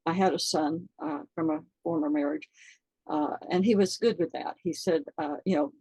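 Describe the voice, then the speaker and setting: An older woman telling a personal story in an interview, halting and earnest, with many fillers, close to tears. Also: low voice, fairly even intonation, warm tone, breathy edge, no room sound, low-quality recording. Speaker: interview guest.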